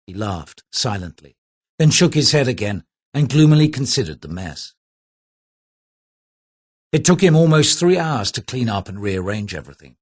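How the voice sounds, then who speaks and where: Husky male audiobook narrator. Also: medium pitch, sing-song, moderate pace. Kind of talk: scripted narration.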